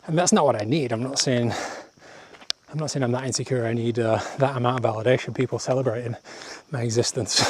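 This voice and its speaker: A man's voice: medium pitch, darkish tone. A man narrating a walking vlog outdoors, a bit out of breath from the climb. He rambles in self-deprecating asides and laughs often at his own jokes. Faint insect noise hums under his voice. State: out of breath while walking uphill. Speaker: travel vlogger. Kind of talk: casual walking vlog monologue. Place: outdoors on village paths.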